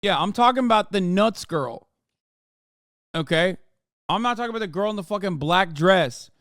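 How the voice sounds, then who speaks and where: A man's voice: high-pitched, lively intonation, normal speed, a bit bright, dry recording, clean studio sound. A man in his thirties hosting a live stream, reacting to a video and ranting to his chat in heated, profane outbursts. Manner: talks straight to his chat. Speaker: livestream host.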